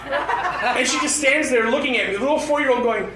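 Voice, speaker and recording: A man's voice: very high-pitched, brisk, pushed and bright, recorded from a distance. A man in his thirties telling rambling family stories at an open mic, often restarting his sentences. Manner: rambling storytelling with frequent restarts. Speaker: stand-up comedian. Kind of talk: stand-up comedy set. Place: bar open mic stage, indoors. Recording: echoey room, voice off-mic, noisy.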